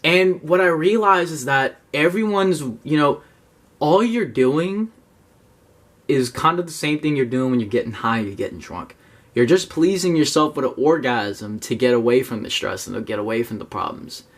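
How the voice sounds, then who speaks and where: A man's voice: on the high side, normal speed. A young man giving blunt, profane advice to his viewers in a casual video talk. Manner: blunt, profane, animated, talks straight to viewers. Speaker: self-help YouTuber.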